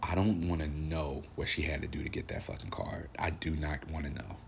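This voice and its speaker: A man's voice: very deep voice, wildly swooping pitch, normal speed, gravelly, fairly bright tone, muffled recording, a little hiss or hum. A man in his thirties hosting a solo podcast, talking about grief in an emotional, reflective way and swearing casually. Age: 30s. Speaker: podcast host. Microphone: audio-only recording.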